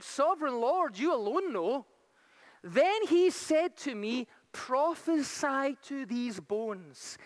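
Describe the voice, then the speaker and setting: A woman preaching a sermon, reading scripture slowly and with weight, then telling stories quickly and fervently. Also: high-pitched. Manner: fervent, rising to exclamations.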